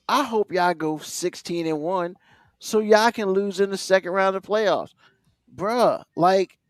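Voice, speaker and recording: A man's voice: sits high, clear, resonant tone, no room sound, clean studio sound. A man co-hosting a casual sports podcast, ranting animatedly and swearing freely. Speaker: podcast co-host.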